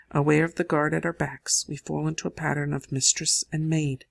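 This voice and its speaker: Narrator, raspy texture, slightly high voice, measured first-person audiobook read. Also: male voice, flat delivery.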